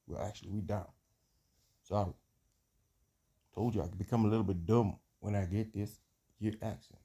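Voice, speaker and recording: A man's voice: on the low side, steady tone, normal speed, long pauses, dark tone, breathy edge. A middle-aged man with a South African accent giving a mock-formal, self-deprecating comic monologue. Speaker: social media comedian.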